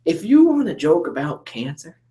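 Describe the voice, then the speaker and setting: Man, casual profane chat, laughs a lot, lively pitch. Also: normal speed. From Troy, New York area. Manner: laughing often, quoting movie lines.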